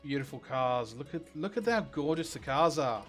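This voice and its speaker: A man reacting excitedly on a live stream, exclaiming and reading viewer questions. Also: mid-range voice, normal speed, faint music behind.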